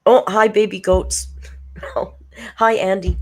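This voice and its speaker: Low-voiced, animated woman streamer. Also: moderate pace. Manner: chatty, greets viewers by name, laughs often. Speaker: live-stream reaction host. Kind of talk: casual live-stream chat.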